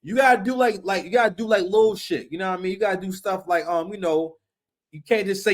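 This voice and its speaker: A man giving casual, animated commentary on a reality show, full of slang, repeated words and acted-out quotes. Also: sits high, quick pace.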